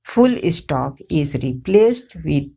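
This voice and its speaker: Teacher, female, slow and gravelly, methodical drills, lowish voice. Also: big pitch swings, warm tone. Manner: measured, methodical, repetitive drilling. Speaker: English teacher. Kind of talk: slow grammar lesson with drilled example sentences.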